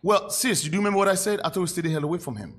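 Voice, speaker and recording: A deacon holds forth on a panel, his voice a touch higher than most men's. He tells stories with lively energy and drops into mocking imitations of others. The tone stays conversational and preachy at once. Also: very fast. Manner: animated storytelling, mock-quotes people. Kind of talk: casual panel talk, preaching.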